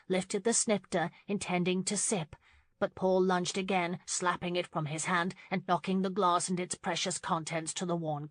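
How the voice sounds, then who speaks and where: A woman narrating a romance audiobook in a measured, even storytelling manner. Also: on the low side, no echo. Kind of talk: scripted narration.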